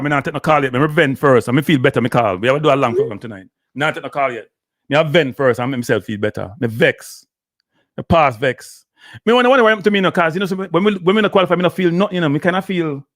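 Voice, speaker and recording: A Jamaican-accented host delivers heated live commentary, scolding and ranting in patois with a fairly high, slightly bright voice. The studio sound is clean and echo-free.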